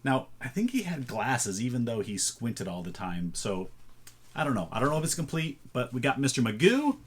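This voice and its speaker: A man's voice: medium pitch, big pitch swings, normal speed, husky. A man casually chatting through a thrift haul, thinking aloud as he sorts items. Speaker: reseller showing a thrift haul. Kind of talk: casual vlog chat.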